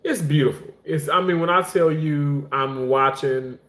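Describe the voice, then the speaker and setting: A middle-aged man hosting a casual livestream, chatting while he cooks. He reads viewer comments, rambles, and thanks people effusively, often jumping up high to greet them. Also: a little slow, fairly bright tone. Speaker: livestream host. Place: indoor room, talking while cooking. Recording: roomy echo.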